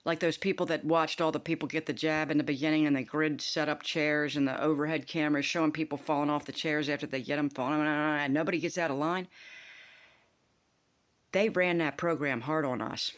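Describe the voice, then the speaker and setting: An older woman ranting to camera in a heated, profane, rambling vlog monologue. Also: deep voice. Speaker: vlogger.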